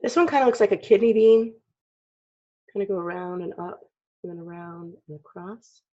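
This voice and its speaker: A woman with a frog in her throat, chatty and clearing her throat often as she teaches a casual drawing lesson. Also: lowish voice, moderate pace, mellow. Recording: dull lo-fi recording.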